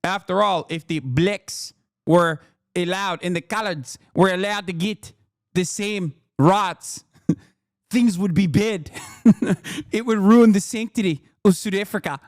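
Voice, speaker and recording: Man doing a smug bigoted Afrikaner guy with an Afrikaner accent, high voice, mock-polite, dry close sound. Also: measured pace, no echo.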